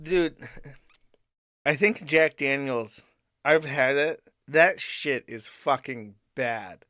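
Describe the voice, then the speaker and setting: A man's voice: mid-range voice, takes it slowly, sharp tone, no room sound, studio quality. A man hosting a casual commentary stream, cursing often and reacting with incredulous indignation. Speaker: host.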